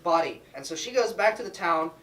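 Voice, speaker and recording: A man's voice: high-pitched, animated, fast, a bit bright, recorded from a distance, rough recording. A young man telling a crude, joking summary of a story in a casual, rambling way with plenty of fillers. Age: teens or young adult. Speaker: student narrator.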